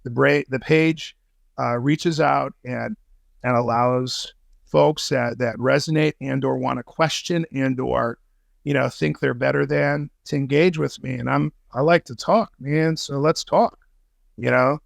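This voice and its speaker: Gravelly-voiced man telling a street-slang story. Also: medium pitch, fairly even intonation, unhurried, no room sound, studio quality. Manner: swears freely, loose street slang. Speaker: podcast guest. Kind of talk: casual interview storytelling.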